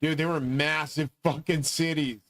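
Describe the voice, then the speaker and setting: Middle-aged male host, grandiose profane rambler; slightly high voice, dry close mic. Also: fairly even intonation, moderate pace, fairly bright tone, no room sound, low-quality recording. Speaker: channel host. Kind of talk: rambling monologue.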